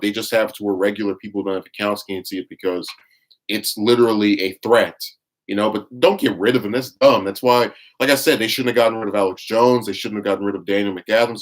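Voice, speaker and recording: A man giving blunt, scornful live-stream commentary, reading viewer chat and rambling with frequent restarts. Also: on the low side. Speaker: livestream commentator.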